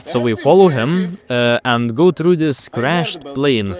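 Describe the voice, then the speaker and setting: A man's voice: mid-range voice, animated, slow, hardly any pauses, a crowd in the background. A young man doing a sarcastic, profane comedic voice-over of a video game. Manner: sarcastic, profane, mock-dramatic. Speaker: gaming video creator. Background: game music.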